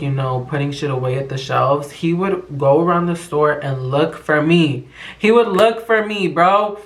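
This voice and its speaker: A man's voice: a little high, fairly bright tone. Young man telling a profane story in an echoey room. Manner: profane, slangy, rambling storytelling. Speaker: vlogger. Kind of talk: casual storytime vlog.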